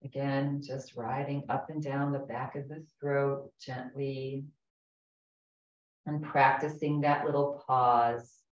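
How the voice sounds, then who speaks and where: A woman instructor leading a chair yoga class, calm and gentle, giving slow breathing cues. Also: rumbling low. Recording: echoey, distant, dull room recording.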